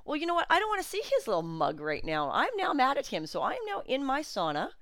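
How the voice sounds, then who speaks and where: A woman's voice: sits high, huge pitch swings, fast talker, fairly bright tone, no room sound, clean studio sound. A middle-aged woman hosting a podcast, telling a personal story in an emotional, chatty way with frequent fillers. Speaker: podcast host.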